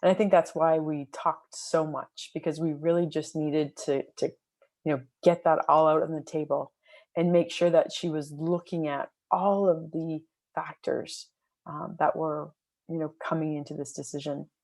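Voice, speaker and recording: A woman's voice: low voice, fairly even intonation, moderate pace, darkish tone. A woman coach and podcast host telling a client story in an earnest, reflective way, with many fillers and restarts.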